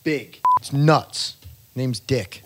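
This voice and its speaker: A man's voice: medium pitch, extremely slow, very noisy. A young man co-hosting a casual podcast from a small studio, joking around and slipping into put-on accents. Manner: jokey, keeps breaking into put-on accents. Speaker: podcast co-host. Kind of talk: casual chat. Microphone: studio mic on an arm.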